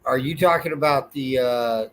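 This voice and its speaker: A man chatting on a podcast, hesitant and halting as he stumbles through restarts. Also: mid-range voice, low-quality recording. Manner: hesitant, many fillers and restarts. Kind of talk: casual chat.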